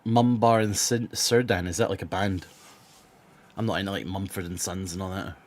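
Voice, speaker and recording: A man's voice: deep voice, fairly even intonation, moderate pace, a little hiss or hum. Blunt man with a sore throat. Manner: blunt, rambling, swears freely. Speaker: live streamer reading chat. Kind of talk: casual live-stream chat.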